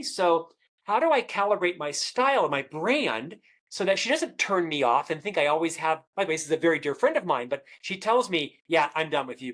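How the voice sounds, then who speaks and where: Animated middle-aged man who stutters. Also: high voice. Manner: stutterer, animated storyteller acting out dialogue. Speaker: guest author. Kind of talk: conversational podcast interview.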